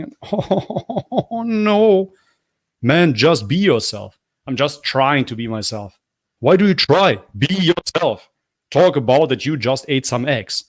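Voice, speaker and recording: A sarcastic man on a livestream tears into a video, blunt, mocking and half laughing at what he watches. His voice sounds a little worn from talking, and the recording is dry and close. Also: dry recording. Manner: mocks with high, whiny put-on apologies. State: losing his voice. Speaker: livestream host reacting to a video. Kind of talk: live reaction commentary.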